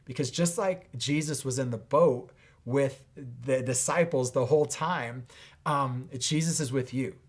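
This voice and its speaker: A middle-aged man giving a casual faith-based motivational talk. He speaks conversationally, with many fillers and restarts, and grows animated when he retells a story. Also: mid-range voice, a little slow, slightly rough. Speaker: fitness instructor and faith speaker.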